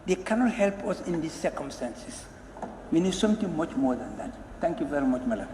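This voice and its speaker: A man's voice: on the high side, big pitch swings, brisk, very noisy. A man, a member of parliament giving an emphatic, pleading floor speech and often restarting his words. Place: parliament chamber. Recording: echoey chamber with long reverb.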